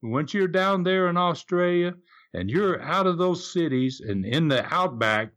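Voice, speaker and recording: An older retired wrestler from the Southern United States, with a Southern US accent, reminisces in a casual interview, telling stories in a rambling way and restarting often. His voice is on the high side, animated and a bit bright, and he talks a little slowly.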